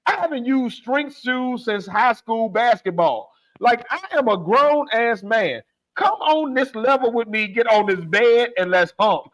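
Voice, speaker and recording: A man's voice: very high voice, expressive, a little slow, fairly bright tone. A man co-hosting a podcast, going off on a comedic, profane, exasperated rant in casual talk. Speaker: podcast co-host.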